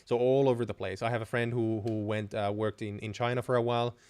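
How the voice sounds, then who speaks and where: A man's voice: mid-range voice, steady tone, fast talker, darkish tone, clear, resonant tone. A young man from Finland hosting a live stream and answering viewer questions in a chatty way, with many restarts and fillers.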